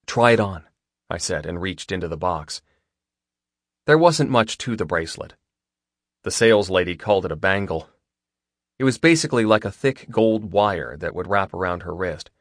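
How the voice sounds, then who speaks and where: Male audiobook narrator, deep voice, dry studio sound, intimate and steady. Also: dry recording. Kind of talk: first-person romance narration.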